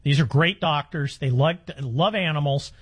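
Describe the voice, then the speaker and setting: A man's voice: fairly high pitch, moderate pace, breathy edge. A man in his sixties hosting a talk radio show, speaking in a wry, rambling monologue full of restarts. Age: 60s.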